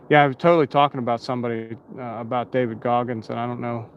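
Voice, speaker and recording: A man's voice: mid-range voice, fairly even intonation, fast talker, lo-fi sound, slight background noise. A tired man hosting a casual live stream outdoors at night, rambling and chatting with his viewers.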